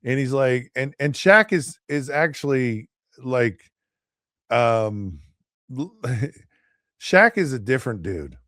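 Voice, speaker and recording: A man's voice: medium pitch, very animated, takes it slowly, pauses often, fairly bright tone, dry recording, studio quality. A middle-aged man hosting a casual sports talk show, rambling and sarcastic, with lots of fillers and restarts. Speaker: host.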